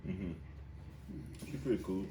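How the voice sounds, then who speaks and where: A man hosting a podcast in a loud, joking way, laughing a lot and swearing freely in casual chat. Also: deep voice, measured pace, slight background noise. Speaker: podcast host. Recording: echoey room, mic at a distance.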